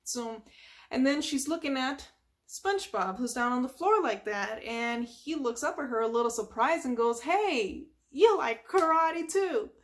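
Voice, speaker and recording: A woman's voice: on the high side, expressive, normal speed. A woman casually retelling a cartoon episode from memory, chatty, with lots of "like" and sound effects. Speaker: storyteller.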